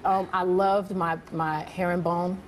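Slow, soft-spoken woman guest. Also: on the low side, flat delivery. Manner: soft-spoken, giggly, hesitant fillers. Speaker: talk show guest. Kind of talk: casual interview answers. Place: TV studio with live audience. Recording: studio audience and background noise.

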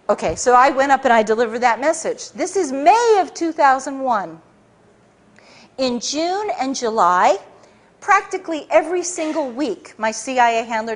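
A woman giving a talk to a live audience, telling a story in an animated way with many restarts and repeated words. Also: a little high, normal speed. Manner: animated, frequent restarts and repetitions. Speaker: public speaker giving a talk.

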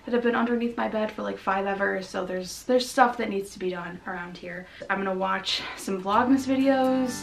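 A young woman vlogging casually at home, bubbly, often switching to high baby talk with her dogs. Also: moderate pace, vocal fry, few pauses. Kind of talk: casual vlog chat. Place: home, indoors and out in the snow.

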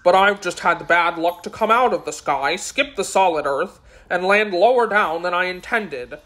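A woman's voice: on the low side, animated, moderate pace, a bit bright. A cheerful little old humbug wizard from a storybook, bragging in a breezy, jaunty voice, as a woman reader puts him on. He sounds pleased with himself.

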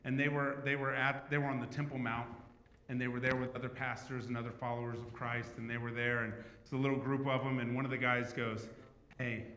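A man preaching a sermon as pastor, talking in a conversational way that swings from emphatic to hushed. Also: mid-range voice, flat delivery, fast. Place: church sanctuary. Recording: echoey church hall.

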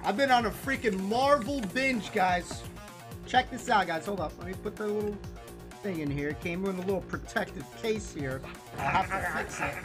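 Male gaming streamer, excitable and profane, animated delivery, music in the background. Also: high voice. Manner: excitable, swears a lot. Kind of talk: live gaming stream chat.

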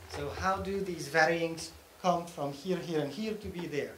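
A man speaks at a technical conference in a somewhat high, slightly bright voice, explaining each point step by step and often asking "okay?" to check the audience is following. The hall echoes, with a faint hum of room noise underneath.

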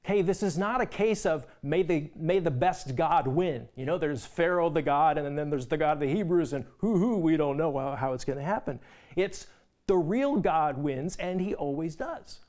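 At a moderate pace and with a slightly high voice, a male pastor preaches conversationally. Phrases often begin with repeated words, and he quiets to a soft voice when he wants emphasis.

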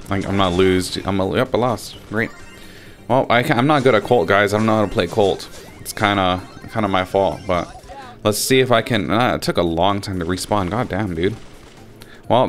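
A young man giving casual gameplay commentary, swearing freely and getting loudly frustrated. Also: low voice. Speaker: gaming channel host.

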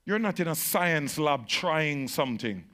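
A man preaching a sermon to a congregation as pastor, with emphatic repetition that swings from shouted peaks to slow, low phrases. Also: animated.

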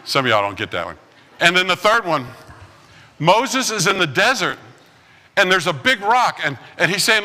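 Bright-voiced joking pastor in a reverberant hall. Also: male voice, high voice, very animated, normal speed, pauses often. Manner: joking storyteller full of puns. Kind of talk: humorous sermon. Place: large church sanctuary. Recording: long reverb of a church hall.

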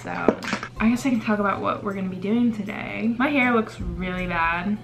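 A woman's voice: medium pitch, normal speed, loud music behind the voice. A young woman vlogging casually to the camera, rambling and chatty with lots of fillers while doing her makeup at home. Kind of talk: casual vlog chat.

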